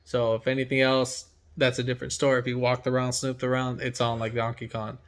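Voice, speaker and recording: A man's voice: medium pitch, completely flat delivery, a little fast. A man who works as a mechanic from home, telling a story in casual chat and acting out his own reactions with energy.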